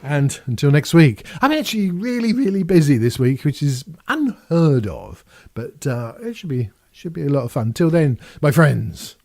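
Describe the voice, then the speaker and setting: A man's voice: on the high side, sing-song, moderate pace, darkish tone, no room sound. A man in his fifties from England hosting a casual Q&A vlog from a small home studio, chatting in a rambling, self-mocking way. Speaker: YouTube channel host.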